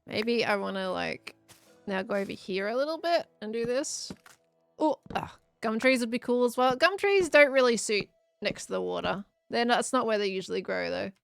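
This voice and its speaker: Faint music plays behind a young Australian woman on a live game stream, her voice fairly high, gravelly, and expressive. She chats casually, responding to chat while building and laughing quickly.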